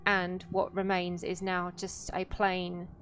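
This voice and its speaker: Woman, dungeon master, very slow narration, faint background hiss. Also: on the low side, completely flat delivery, fairly bright tone. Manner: slow, drawn-out storytelling. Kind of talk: narrating a tabletop game.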